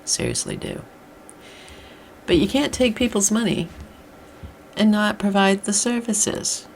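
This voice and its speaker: A middle-aged woman delivers a blunt, exasperated rant with a gravelly, creaky edge to her voice. She speaks at an ordinary mid pitch for a woman. A faint hiss of noise sits under her voice. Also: wildly swooping pitch, measured pace. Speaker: vlogger. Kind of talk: ranting monologue.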